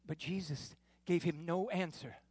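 A man narrating a dramatic scripture reading in a deliberate, expressive storytelling manner. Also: a little high, breathy edge, dry recording. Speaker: scripture reader.

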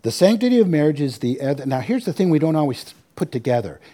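A male pastor delivers a sermon in a warm, mellow voice. He moves between emphatic scripture reading and wry, conversational asides, repeating his key lines for weight. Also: fairly high pitch, quick pace. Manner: animated preaching with asides and repetition.

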